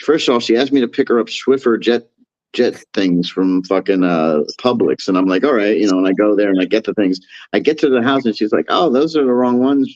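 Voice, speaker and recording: A man rambles through a profane story on a casual podcast. He keeps slipping into a higher voice to act out what others said. The sound is dull and lo-fi, close and dry. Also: brisk, darkish tone, no echo. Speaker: podcast co-host.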